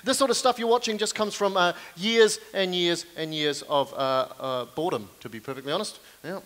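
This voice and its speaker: A young man with a New Zealand accent doing live stand-up comedy on stage, with self-deprecating, deadpan asides to the audience. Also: high voice, moderate pace. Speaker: comedian and card manipulation performer.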